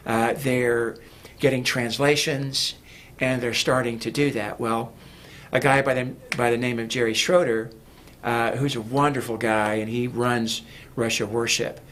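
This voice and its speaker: A man's voice: mid-range voice, steady tone, a little slow, fairly bright tone, slight background noise. A man talking as a guest in a casual interview, rambling with many fillers and restarts. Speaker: guest, music producer.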